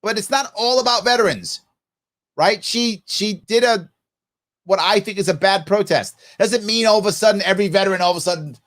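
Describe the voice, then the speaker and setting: A man's voice: sits high, brisk. A middle-aged man hosting a live political commentary show, arguing his point with lots of rhetorical questions. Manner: animated, argumentative, peppered with rhetorical questions; acts out quoted voices mid-rant. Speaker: host.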